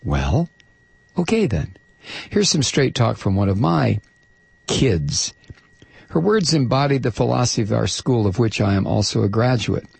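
Gravelly man reading a letter aloud. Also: medium pitch, big pitch swings, moderate pace, no room sound. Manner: emphatic, sarcastic, stretches key words. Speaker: talk radio host reading a listener letter.

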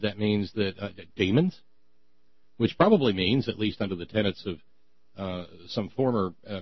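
Husky sarcastic male comedy host. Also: lowish voice, no echo, lo-fi sound. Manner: sarcastic, mocking, stumbling restarts. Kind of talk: satirical comedy monologue.

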